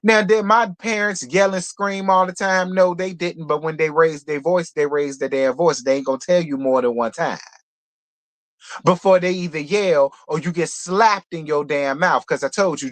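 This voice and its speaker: Blunt, profane man with a higher voice. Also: moderate pace. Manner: animated, opinionated gossip talk. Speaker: reality TV recap host. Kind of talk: casual review commentary.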